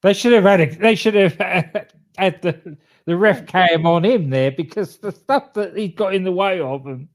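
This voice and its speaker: A man's voice: high-pitched, measured pace. A man with a British accent co-hosting a podcast, chatting easily and explaining things while laughing along. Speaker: podcast co-host. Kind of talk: casual wrestling commentary chat.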